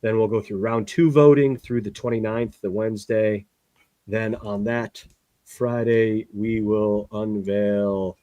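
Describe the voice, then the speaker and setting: A man's voice: lowish voice, mellow, dry recording. A man co-hosting a casual live-stream chat, laying out a schedule step by step with lots of fillers, over a video call. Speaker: co-host.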